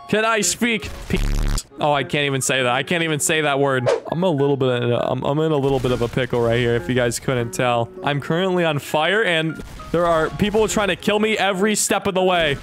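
A man's voice: fairly high pitch, brisk, soft background music. A young man commentating his own gameplay, joking and crying out in sudden yelps as things go wrong. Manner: excitable, jokey, yelps and cries out. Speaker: gaming YouTuber.

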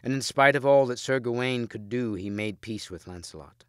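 A man reading a story aloud in steady, measured narration, close on the mic. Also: medium pitch, clear, resonant tone, no room sound. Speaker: audiobook reader. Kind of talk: scripted narration.

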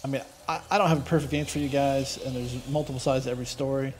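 A man's voice: medium pitch, steady tone, rapid-fire, a little mellow, a little hiss or hum. A man giving casual let's play commentary, chatty and rambling, drifting into tangents and swearing casually.

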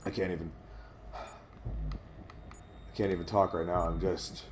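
A man's voice: sits low, little pitch movement, a little slow, slight background noise. A man narrating his own horror gameplay, jumpy and swearing when startled. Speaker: let's play host.

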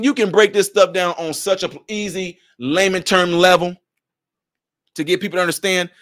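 Male commentator, high and sharp-toned, confrontational monologue, rhetorical questions, shouts then drops low. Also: dry recording, studio quality. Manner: swings between shouting and low, blunt asides. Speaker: social commentator.

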